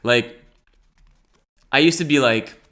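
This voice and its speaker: A man's voice: medium pitch, takes it slowly, fairly bright tone. A man in his twenties hosting a solo podcast, talking in a rambling, jokey way, often laughing and swearing casually. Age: 20s. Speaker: podcast host. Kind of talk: solo comedic podcast monologue.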